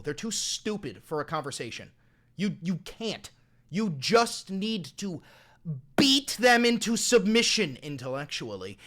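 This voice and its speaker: A man's voice: high voice, big pitch swings, moderate pace, sharp tone. A man streaming a heated, profane rant as he reacts to an interview, talking sarcastically and straight to his chat. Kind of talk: profane, ranting political commentary.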